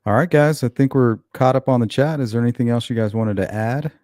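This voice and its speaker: A man's voice: medium pitch, fast, darkish tone, dry recording, clean studio sound. A man hosting a casual true-crime livestream, reading comments out and answering viewers in a blunt, sarcastic way. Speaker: true-crime channel host.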